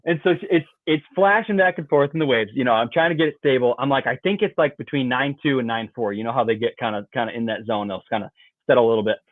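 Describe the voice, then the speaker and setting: A man, a podcast guest, telling a story in an animated, rambling way, filling with "like" and "you know" and mimicking sounds. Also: mid-range voice, quick pace, dry recording. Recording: tinny dry phone-like line.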